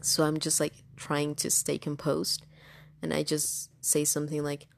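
A woman's voice: deep voice, completely flat delivery, unhurried, vocal fry, dry recording. A woman telling a story in casual chat, rambling along with lots of fillers. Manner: chatty, rambling with many fillers. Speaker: storytime vlogger.

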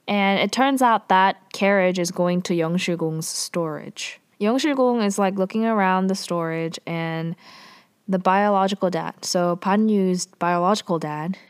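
A woman's voice: on the low side, measured pace, clear, resonant tone. Chatty woman recapping a drama. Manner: chatty, filler-heavy, animated quoting. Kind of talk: casual episode recap.

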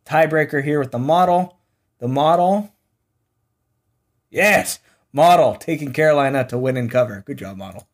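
A man's voice: on the high side, normal speed, long pauses. A young man hosting a sports podcast, running through football picks in a casual, opinionated way that sometimes turns into ranting. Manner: opinionated, ranting, laughs at own jokes. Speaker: podcast host. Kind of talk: casual sports betting chat.

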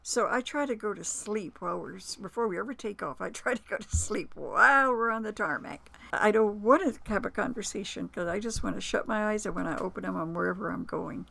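A woman's voice: mid-range voice, fairly quick, creaky, hardly any pauses, pushed and bright. A woman being interviewed as an author and producer, telling personal stories in a reflective way with small hesitations and quoted dialogue. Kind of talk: conversational storytelling.

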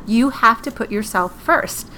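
A woman's voice: a little high, animated, unhurried, pushed and bright, a little hiss or hum. Encouraging woman co-host, faint ambience. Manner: encouraging, addresses listeners as "guys"; lists points and steps firmly. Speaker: podcast co-host. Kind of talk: casual advice chat.

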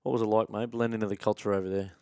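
A man co-hosts a casual chat with blunt, joking banter. His voice sits fairly low. The sound is dry and close. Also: flat delivery, rapid-fire, dark tone, dry recording. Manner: blunt, joking, says mate often. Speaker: podcast co-host. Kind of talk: casual podcast interview.

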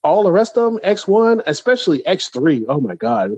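A man's voice: a little high, moderate pace, no echo. A man co-hosting a podcast, ranting in casual chat with lots of restarts. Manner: animated, ranting, many restarts. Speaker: podcast co-host.

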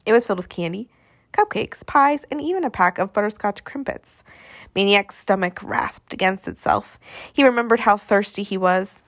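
A woman reading a novel aloud, with expressive storytelling. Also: mid-range voice, normal speed, no echo, studio quality. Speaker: reader.

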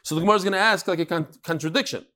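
This is a man leading an animated Talmud lesson. His voice sits a little on the high side. He keeps weaving in Hebrew terms and repeating words for emphasis. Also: rapid-fire. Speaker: Talmud teacher. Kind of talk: animated Talmud class with storytelling.

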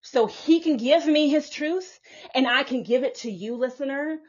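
A woman's voice: high voice, normal speed, lo-fi sound, slight background noise. A woman delivering an impassioned, profane preaching monologue as a self-styled prophetess, emphatic and repetitive.

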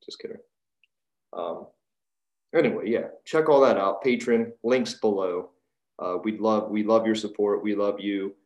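A man hosting a podcast, giving an energetic, jokey intro and promo over a video call. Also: lowish voice, unhurried, muffled recording. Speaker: podcast host. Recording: roomy echo.

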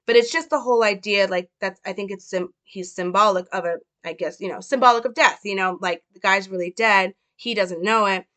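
A woman's voice: mid-range voice, fairly quick, hardly any pauses, fairly bright tone. A young woman talking casually as she analyzes a film, chatty and hedging. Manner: chatty, hedging, full of fillers. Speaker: film commentator.

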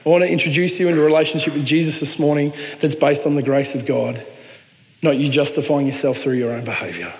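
An Australian man preaches in a fairly high voice. His delivery is earnest and conversational, with joking asides. His words ring out with a long reverb through a large church hall. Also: fast. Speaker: pastor. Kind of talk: sermon.

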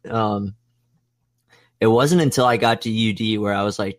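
A young man rambles through a casual podcast chat, swearing freely and leaning on filler words. His voice sits a little low. The recording is dry and close. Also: moderate pace, no room sound. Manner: rambling, profane, lots of "like". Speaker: podcast host.

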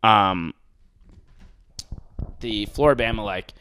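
A man from New York telling stories in casual comedic podcast chat, swearing freely and acting out hecklers in loud voices. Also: lowish voice, takes it slowly, smooth.

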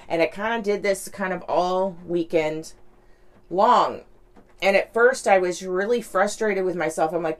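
A woman's voice: lowish voice, a little slow. A woman talking candidly in a casual reflective monologue, rambling, with lots of "like" and "right?".

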